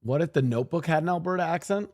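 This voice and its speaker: A man's voice: fairly high pitch, quick pace, darkish tone, no echo, clean studio sound. A man streaming and reacting to clips, rambling animatedly and talking to his chat.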